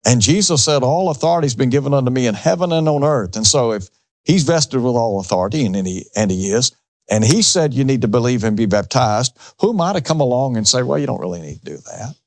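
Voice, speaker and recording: A man's voice: mid-range voice, expressive, fast, a little mellow, dry recording. A man hosting a religious talk show, preaching emphatically with rhetorical questions.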